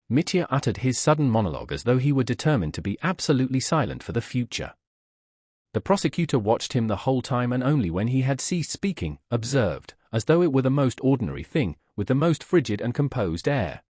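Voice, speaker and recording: A male audiobook narrator reads a classic novel with an expressive, lively delivery. His voice is somewhat husky and recorded dry and close, with no room around it. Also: medium pitch, fairly quick, no echo.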